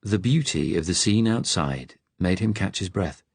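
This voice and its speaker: Male audiobook narrator, very low voice, husky, dry close sound, measured. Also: animated, dry recording. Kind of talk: scripted narration.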